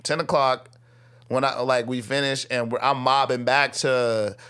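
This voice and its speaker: A man's voice: mid-range voice, steady tone, unhurried, pushed and bright, smooth. A young man, a podcast guest, telling a story in slangy casual speech and acting out what others said in raised voices. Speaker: guest, rapper and army veteran. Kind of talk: animated storytelling. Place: podcast studio.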